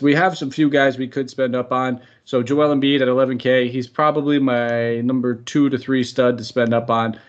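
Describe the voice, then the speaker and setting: A man's voice: mid-range voice, highs cut off. A man hosting a podcast, upbeat and chatty, running through sports analysis and sometimes tripping over names. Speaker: podcast host.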